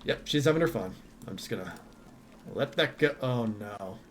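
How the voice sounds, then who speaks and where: A man's voice: on the low side, animated, normal speed, soft background music. A man streaming a game, reading dialogue aloud with irreverent, swearing commentary. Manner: irreverent, laughing, swears often.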